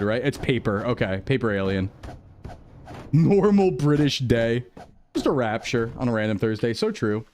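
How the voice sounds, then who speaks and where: A man's voice: mid-range voice, a little mellow, slight background noise. Rambling male streamer chatting casually. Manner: rambling, talks to himself and chat; jumpy, easily startled. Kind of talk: casual gameplay chat.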